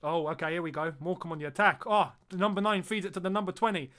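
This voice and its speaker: An excitable, high-voiced male streamer hosts a football watch-along with live, casual match commentary and chat. He's chatty and quick to laugh and cry out at the action.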